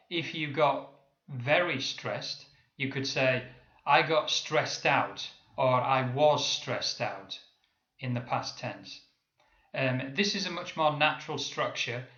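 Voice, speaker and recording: A British man teaching English in a bright, forceful voice, slowing right down to stress his example sentences. The sound is roomy and a little dull, like a lo-fi recording in an echoey room. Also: mid-range voice. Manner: slow, careful emphasis on example sentences. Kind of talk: English lesson.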